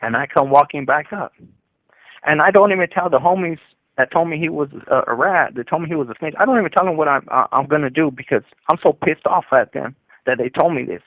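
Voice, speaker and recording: A man's voice: fairly high pitch, fairly quick, dry recording. A man telling his own story in a rambling, casual way, full of fillers and quoted back-and-forth, recorded over a prison phone call.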